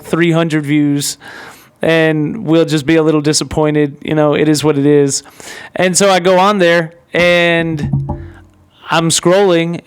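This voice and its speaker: High, clear-voiced excitable man. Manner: excitable, rambling, heavy use of "like" and "bro". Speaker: podcast host. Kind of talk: casual storytelling monologue.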